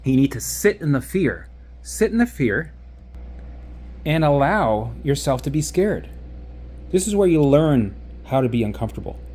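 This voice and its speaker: A man coaching viewers through exposure practice in a casual vlog, acting out an anxious walk and then explaining it in an animated way. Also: fairly high pitch, normal speed, long pauses. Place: out and about, then in a car.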